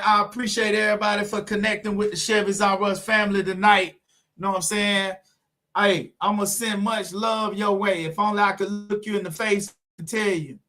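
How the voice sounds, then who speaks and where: A man's voice: high-pitched, pushed and bright. A man hosting a live car stream, chatting casually with viewers in a laid-back way. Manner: laid-back, talks to viewers, fills with "man" and "you know what I'm saying".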